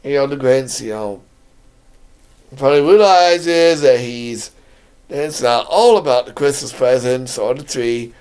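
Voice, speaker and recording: Enthusiastic man, slow, clear voice. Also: medium pitch, darkish tone. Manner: enthusiastic, rambling, laughs often. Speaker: video blogger reviewing a movie. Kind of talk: casual movie discussion.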